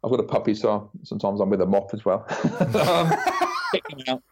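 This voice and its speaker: Over dull lo-fi audio with background noise, a branding consultant in his 40s chats loosely as a podcast guest. He's an animated storyteller who performs the voices he quotes, speaking briskly in a lowish register.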